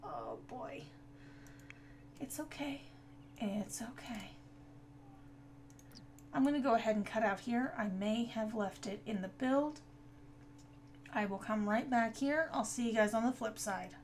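A woman's voice: fairly high pitch, normal speed, darkish tone, slight background noise. A woman giving casual gameplay commentary, chatting to her viewers and scolding the game characters. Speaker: gaming video creator.

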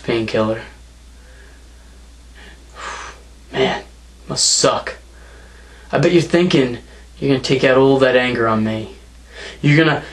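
A young man delivering a wrestling promo, taunting and mocking his opponent as he trash-talks. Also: medium pitch.

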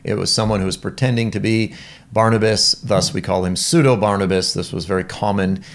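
A man's voice: fairly low pitch, fairly even intonation, fairly quick. A man giving an earnest lecture on church history as a Bible teacher, explaining points with emphasis and reading quotes aloud.

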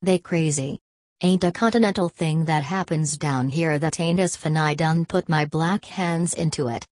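A proud old Southern workman boasts in folksy rural dialect, read by a woman. The voice sits low and deep. The recording is dry and close, with no room sound. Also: moderate pace, darkish tone, no room sound, close to an everyday voice. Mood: boastful.

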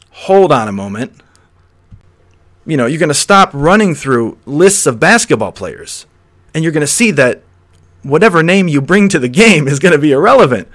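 A man's voice: fairly high pitch, fairly bright tone. Chuckling man musing aloud on a podcast. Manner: walks the listener through an imagined scene, frequent chuckles; repeats words as he thinks aloud. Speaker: podcast host. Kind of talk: philosophy podcast monologue.

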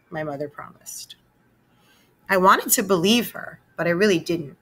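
Woman reading a kids chapter book aloud, bright voice, steady storytelling. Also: fairly low pitch, moderate pace. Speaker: reader. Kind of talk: reading a children's novel aloud.

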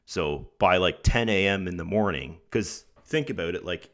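A young man with a somewhat low voice, under the weather and a bit rough in the throat. He talks in a loose, chatty vlog style and slips into pep-talk encouragement, nudging his viewers with "guys" and "right?". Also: normal speed, fairly bright tone. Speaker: online income vlogger. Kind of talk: casual talk to camera over screen recording.

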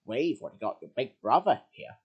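A man voicing a gruff, stern bear father who scolds his son. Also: medium pitch, lively intonation, a little fast, highs cut off, pitched below the performer's own voice.

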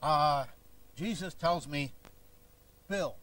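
A theatrical faith-healing preacher, played by a man, booms in a raised, showy voice. He preaches at full volume to the crowd. The sound carries from across a hall. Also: very slow, fairly bright tone, recorded from a distance. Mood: preachy. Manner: booming, theatrical revival preaching.

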